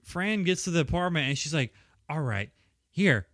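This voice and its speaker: Swearing, lively-voiced podcast co-host man. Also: on the high side, moderate pace, dry recording, studio quality. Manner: swearing, exasperated, laughing retelling of scenes. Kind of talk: casual film-review chat.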